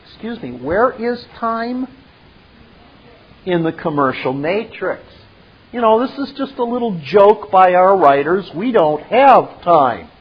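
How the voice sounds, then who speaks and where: A man's voice: high-pitched, very animated, measured pace, husky, dull audio. A man retelling and commenting on a film scene step by step, adding his own asides.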